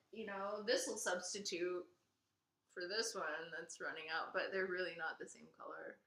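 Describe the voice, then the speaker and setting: A woman co-hosting a casual podcast chat, gushing and excitable, laughing often. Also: medium pitch. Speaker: podcast co-host. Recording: echoey room.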